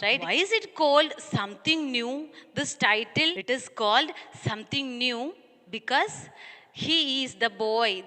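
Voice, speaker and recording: Indian English woman teacher, high and bright, slow careful delivery, reverby room. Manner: patient, speaks to children as "dears". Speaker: school teacher. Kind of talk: online class lesson, reading a poem aloud.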